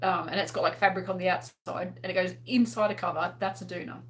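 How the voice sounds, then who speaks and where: A woman's voice: lowish voice, steady tone, quick pace, a bit bright, slight background noise. Woman, Australian accent, livestream host, casual chat, laughs often, chatty. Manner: chatty and laughing, with lots of fillers. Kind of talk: casual livestream chat reading viewer comments.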